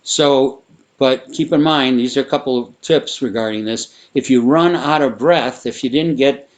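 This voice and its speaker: Male sound therapy teacher, mid-pitched, loose and rambling, guided exercise delivery. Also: moderate pace. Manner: relaxed, rambling, with frequent fillers and restarts. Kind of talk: guided vocal exercise instruction.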